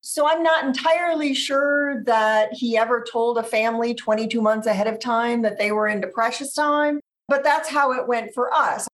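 A woman author being interviewed on a podcast, speaking in a measured, thoughtful way and slowing down to stress ideas. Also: on the high side, steady tone.

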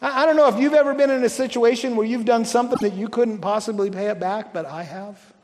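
Male pastor, high-set voice, chatty sermon full of restarts and asides, reverberant church sound. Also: a little mellow. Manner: conversational, halting restarts, joking asides.

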